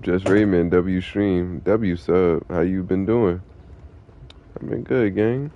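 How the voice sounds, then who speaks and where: A man's voice: sits low, steady tone, normal speed, lo-fi sound, a little hiss or hum. A young man streaming an online game, chatting with viewers in a laid-back, slangy, profane way. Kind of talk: casual live-stream chat.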